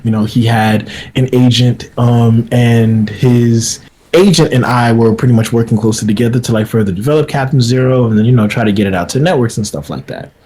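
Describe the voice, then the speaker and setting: A man's voice: medium pitch, fairly quick, mellow, slightly rough. A man who is a filmmaker, appearing as a podcast guest, who talks through his stories thoughtfully with many fillers. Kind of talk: casual chat.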